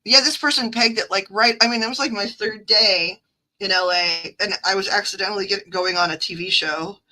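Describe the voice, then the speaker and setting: A woman with a Midwestern accent chats on a livestream, rambling through stories full of fillers and asides. Her voice is bright and forward. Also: medium pitch, steady tone, fairly quick, poor audio. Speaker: livestream card reader. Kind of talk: casual livestream chat.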